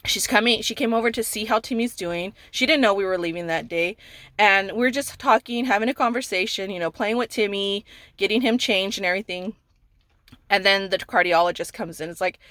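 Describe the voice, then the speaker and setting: A woman's voice: medium pitch, a bit bright, dry recording, studio quality. A woman in her thirties, a mother from California, giving an emotional personal testimony and retelling dialogue as she goes. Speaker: mother telling her son's story.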